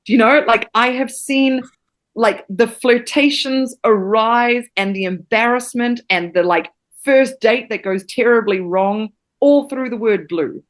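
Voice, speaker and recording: Woman guest from New Zealand, acting teacher, lively storyteller, swears and laughs easily. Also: fairly high pitch, a little slow. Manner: animated, swears freely, laughs often. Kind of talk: casual storytelling interview.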